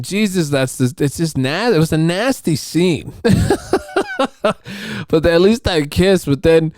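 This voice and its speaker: Rambling, profane podcast guy, fairly high voice. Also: darkish tone, no room sound, studio quality. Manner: rambling, profane, restarts and fillers. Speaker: podcast host. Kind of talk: casual solo podcast monologue.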